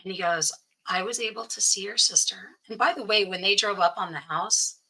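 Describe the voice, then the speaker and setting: A woman's voice: mid-range voice, moderate pace, sharp tone, breathy edge, poor audio. A woman guest recounting a personal story in an interview, earnestly quoting what others said to her. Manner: earnest, quotes others' speech as she tells it.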